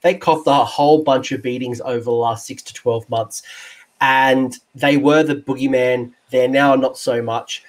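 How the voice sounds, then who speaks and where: Australian man, podcast host, jokey, excitable, casual banter. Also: mid-range voice, moderate pace. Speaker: podcast host and game coach. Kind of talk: casual video-call interview.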